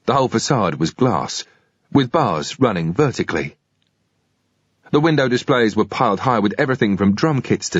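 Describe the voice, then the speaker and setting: A man's voice: lowish voice, slightly rough, no room sound, highs cut off. A man reading a first-person thriller in a dry, matter-of-fact way. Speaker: audiobook reader.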